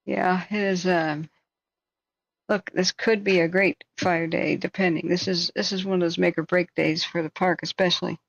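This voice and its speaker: A tired woman hosting a casual live wildfire-tracking stream, slightly hoarse and thinking aloud while chatting with viewers. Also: lowish voice, steady tone, moderate pace, dry recording, muffled recording. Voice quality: slightly hoarse, clears throat. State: tired after staying up all night. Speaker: wildfire tracking livestream host.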